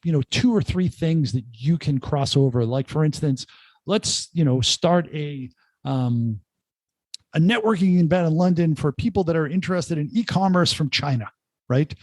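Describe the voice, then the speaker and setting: A middle-aged man, an entrepreneur guest, telling his story in a casual podcast interview with animated, joking asides. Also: a little high, moderate pace, no room sound. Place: remote call.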